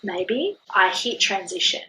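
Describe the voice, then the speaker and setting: An Australian woman telling her story as a podcast guest, animated, acting out the people in it. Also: medium pitch, unhurried, slight background noise. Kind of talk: casual birth story chat. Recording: roomy echo.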